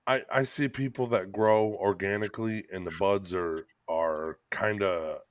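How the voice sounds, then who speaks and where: A man's voice: sits low, a little slow, no echo. A middle-aged man from Michigan telling stories in a laid-back casual chat, swearing often and laughing along. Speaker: co-host.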